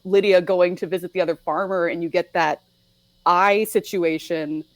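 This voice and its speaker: A young adult woman, a podcast guest, chatting casually and with animation, laughing often and slipping into quick put-on voices. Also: lowish voice, steady tone, dry recording, low-quality recording. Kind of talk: casual chat about a film.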